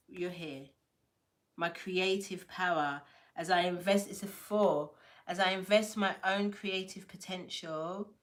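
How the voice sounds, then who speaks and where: A woman's voice: fairly low pitch, slight background noise. A woman giving a casual oracle card reading, playful and affirming, with slangy asides to her viewers. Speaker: tarot and oracle card reader.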